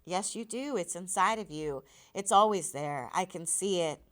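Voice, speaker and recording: A weary, dying father speaking quietly and tenderly, as a woman reading a novel aloud puts him on. The tone is low and smooth, calm and steady in its reassurance. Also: moderate pace, natural voice. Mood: urging.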